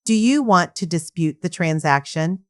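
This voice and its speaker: A woman's voice: lowish voice, lively intonation, moderate pace, natural voice. A woman voicing a male bank officer on the phone, with a professional, cool delivery. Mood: formal. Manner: professional, cold.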